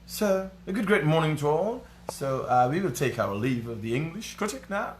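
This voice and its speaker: A man voicing a prim, proper-spoken English news critic with careful, formal enunciation and a measured, pompous newsreader delivery. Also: on the high side, very animated, slight background noise.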